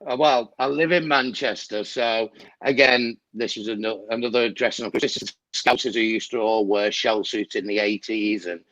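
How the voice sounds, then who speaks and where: A man's voice: on the low side, steady tone, moderate pace, fairly bright tone, dry recording, dull audio. A man chatting casually as a guest on a video call, laughing often. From England. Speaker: guest travel agent.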